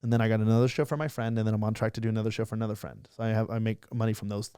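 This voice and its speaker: A young man races through his story as a guest, slipping into the voices of the people he quotes. His voice is smooth and clear. The sound is dry and close. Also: on the low side, dry recording. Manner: fast, animated storytelling, acts out quotes. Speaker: guest, social media creator. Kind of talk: casual storytelling interview.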